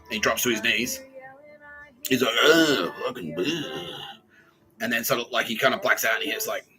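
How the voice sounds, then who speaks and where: Bright-voiced profane man rambling. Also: medium pitch, little pitch movement, fast, soft background music, poor audio. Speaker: podcast host. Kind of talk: rambling comedic monologue.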